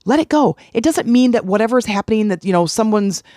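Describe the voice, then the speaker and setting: A middle-aged podcast host coaching listeners through a self-help talk. The delivery is earnest, circling back to the same phrases to stress them. The voice sits at a middling pitch and sounds dry and close, with no room around it. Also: expressive, fast talker, a little mellow, no echo. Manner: earnest, repeats key phrases for emphasis.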